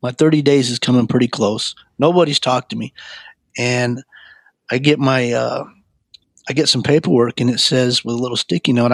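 A man giving a personal testimony in rambling, halting storytelling. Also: medium pitch, fairly even intonation, gravelly, no echo. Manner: halting, with many fillers and restarts.

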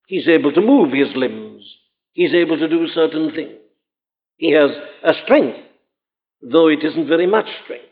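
A fairly high-voiced man preaching in an earnest, emphatic way, pushing his voice up on the questions he drives home. The recording is thin and phone-like, and the sound hangs in a long reverb like a large hall. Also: animated, unhurried. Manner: earnest, emphatic, rising to exclamations. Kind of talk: sermon.

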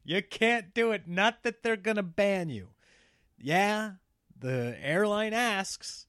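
A man in his thirties tells a story in a loose, chatty way, animated and quick to act out the people in it. His voice sits a touch high for a man. The sound is dry and close, with no room around it. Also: no echo. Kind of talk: casual storytelling.

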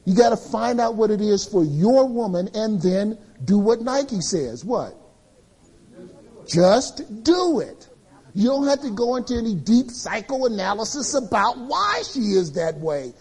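A middle-aged man preaching a sermon to men, telling confessional stories in an animated way. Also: high-pitched, a little slow, husky.

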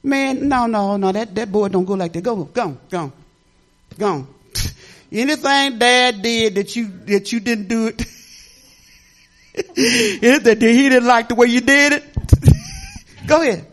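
Older woman pastor, folksy rambling sermon, chatty and laughing, very animated delivery. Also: fairly high pitch, measured pace, long pauses.

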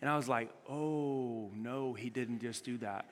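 A man's voice: medium pitch, a little slow, background noise. A middle-aged man preaching a sermon as a pastor, telling stories with animation and acting out what people said. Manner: animated storytelling, acts out quotes. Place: large church hall. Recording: long hall reverb.

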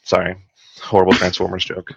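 A man with a slightly low voice hosts a casual live podcast, cracking jokes and reading out viewer comments. The audio is dull and lo-fi. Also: monotone, a little fast, gravelly, heavy background noise. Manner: jokey, reads viewer comments aloud. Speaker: podcast host. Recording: lo-fi muffled audio.

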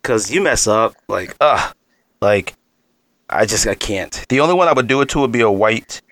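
A man hosting a casual podcast chat, asking quick questions and sharing his own opinions. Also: lowish voice, lively intonation, a bit bright.

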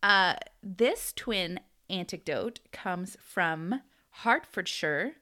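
A woman's voice: on the low side, lively intonation, drawn-out words, sharp tone. American lady podcast cohost, casual and giggly, telling a story. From United States. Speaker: podcast co-host. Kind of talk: casual chat.

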